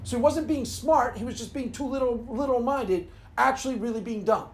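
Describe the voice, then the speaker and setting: A man's voice: very high-pitched, a little fast, slight background noise. A man hosting his own video, ranting casually and rambling, often laughing at his own jokes. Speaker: video host.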